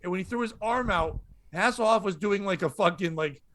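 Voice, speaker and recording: High-pitched comedian guy telling a wild story, keeps cracking himself up. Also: brisk, a bit bright. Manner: rowdy, laughing through his own story. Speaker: comedian guest. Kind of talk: storytelling on a podcast.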